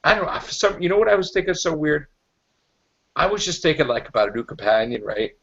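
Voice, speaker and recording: A man's voice: on the high side, gravelly. Rambling man on a lo-fi recording. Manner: rambling, animated storytelling with quick acted-out quotes. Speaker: podcast co-host. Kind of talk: casual chat. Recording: dull lo-fi sound.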